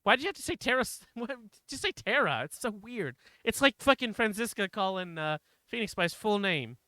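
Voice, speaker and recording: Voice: medium pitch, animated, a little fast, sharp tone, dry recording. A streamer reading a courtroom game aloud live, casual and loose, swearing and breaking off to react.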